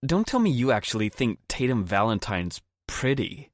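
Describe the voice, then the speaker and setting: A male audiobook narrator voicing a snide, whiny teenage girl with a shrill Valley Girl manner. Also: wildly swooping pitch, slow, no echo, clean studio sound, exaggerated voice. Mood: sneering. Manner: scoffing, whiny, mocking. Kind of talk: audiobook character voice.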